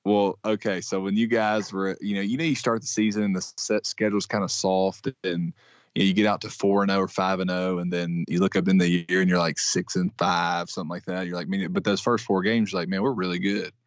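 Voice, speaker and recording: A man's voice: low voice, little pitch movement, fairly quick, dry recording. A man co-hosting a sports podcast, chatting casually in a rambling, self-deprecating way with lots of fillers. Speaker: podcast co-host. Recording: dry, dull lo-fi sound.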